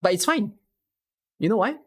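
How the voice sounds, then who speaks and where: A man with a high, animated voice talks at normal speed, sounding a bit bright and slightly rough. He coaches a viewer through a game strategy on a live stream, explaining patiently and tossing out frequent rhetorical questions.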